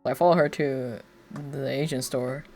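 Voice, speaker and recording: A man's voice: medium pitch, fairly even intonation, normal speed, gravelly, darkish tone. A young man streaming, telling a story in a rambling, casual way, full of fillers and frequent laughs. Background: faint music.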